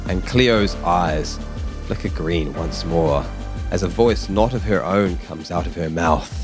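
A man narrating a tabletop game as game master in a measured, descriptive way. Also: low-pitched, music in the background.

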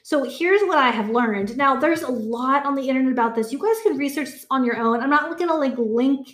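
A vlogger in her thirties talks candidly to the camera, chatty and swearing freely while acting out her own inner voice. Her high-pitched voice is a bit bright and a little fast, and the room sounds echoey.

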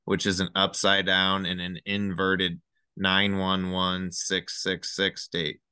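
A man talking as a podcast guest in casual chat, rambling excitedly through one number theory after another. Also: deep voice, slow, clean tone, no room sound, studio quality.

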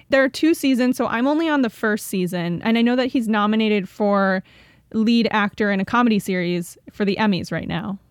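A woman's voice: fairly high pitch, clear, resonant tone, no echo, clean studio sound. A young adult woman co-hosting a podcast in casual chat, chatty and upbeat, laughing often. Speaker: podcast co-host.

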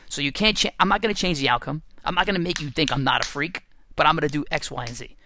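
A man who coaches football, giving an energetic, animated motivational talk full of stories and restarts. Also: fairly high pitch, fast talker.

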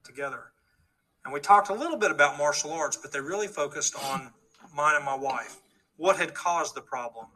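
A man's voice: a little high, normal speed, bright, forceful tone, poor audio. A middle-aged man earnestly telling his testimony story to a live audience, acting out the dialogue he quotes. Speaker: speaker giving a testimony.

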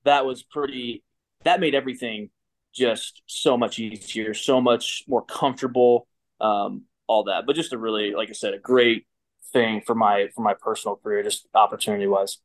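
A man's voice: on the low side, fairly even intonation, normal speed. A man in his thirties, a guest telling a story in a casual, rambling way with many restarts and fillers. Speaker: guest, former pitcher.

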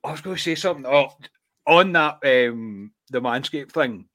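A man's voice: medium pitch, animated, moderate pace, fairly bright tone. A Scottish man hosting a live podcast, chatty and teasing his co-hosts between bursts of laughter. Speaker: podcast host. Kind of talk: casual chat.

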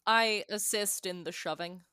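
A woman playing a tabletop game, unhurried and a bit hesitant. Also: medium pitch, pushed and bright, smooth, no room sound, studio quality. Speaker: player. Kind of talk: tabletop role-play chat.

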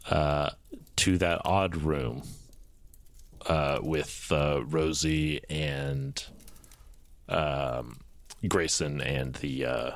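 A man playing in a tabletop game, chatting casually and haltingly with many fillers. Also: very deep voice, steady tone, no echo. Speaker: player.

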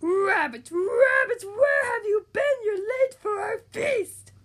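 A woman's voice: very high-pitched, animated, a bit bright, voice pushed up, heavily acted. A woman doing a howling hungry wolf boy. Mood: joyful. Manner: howling, drawn-out calls.

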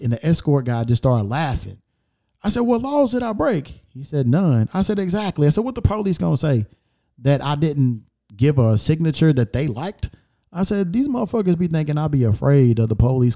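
A man recounting a run-in in loose, profanity-laced storytelling. His voice sits a bit high yet sounds dark and mellow. He slips into the quoted lines with heat and keeps the telling animated. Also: gravelly. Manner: heated, profane, animated retelling with quoted dialogue.

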